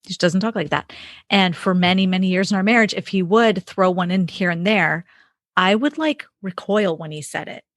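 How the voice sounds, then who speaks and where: A woman's voice: fairly low pitch, normal speed, dry recording, clean studio sound. A woman co-hosting a relationship podcast, chatting and telling personal stories with frequent laughter. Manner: chatty, storytelling, laughs often. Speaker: podcast co-host. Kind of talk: casual chat.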